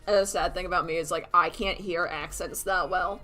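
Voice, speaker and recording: A woman's voice: on the low side, fairly even intonation, brisk, hardly any pauses, bright, forceful tone, faint music behind. A woman from Canada chatting casually on a live stream while she draws, rambling and laughing at herself as she answers chat. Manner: rambling, giggly, self-mocking, talks to chat. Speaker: streamer and animator.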